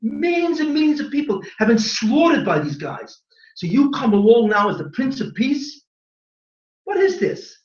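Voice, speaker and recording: A rabbi giving an impassioned religious lecture, firing off rhetorical questions with emphatic force. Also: male voice, very high voice, sing-song, normal speed. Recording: echoey hall, distant dull mic.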